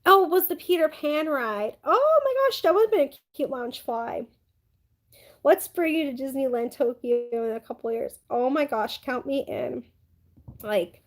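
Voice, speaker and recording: Bubbly high-voiced woman live streamer. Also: rough recording. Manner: chatty, bubbly, many "like" fillers, yawning. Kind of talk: casual live stream chat reading comments.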